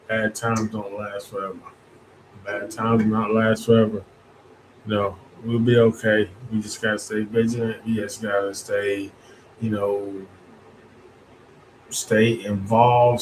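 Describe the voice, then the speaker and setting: A man's voice: lowish voice, a little hiss or hum, low-quality recording. Rambling man ranting casually. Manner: conversational, rambling with restarts, colloquial Southern-tinged speech. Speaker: podcast host. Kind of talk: casual political monologue.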